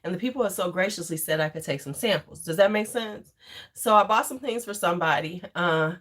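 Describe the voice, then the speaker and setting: Husky woman rambling on a livestream. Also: on the low side, fairly quick, fairly bright tone. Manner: rambling, laughs often, chats with viewers. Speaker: livestream host. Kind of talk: casual livestream chat.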